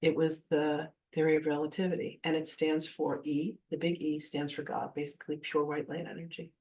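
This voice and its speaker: A woman's voice: low-pitched, fairly quick, distant mic, low-quality recording. A woman in her fifties, a spiritual teacher telling stories in a live masterclass and acting out the voices she quotes. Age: 50s. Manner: animated, acts out quoted voices.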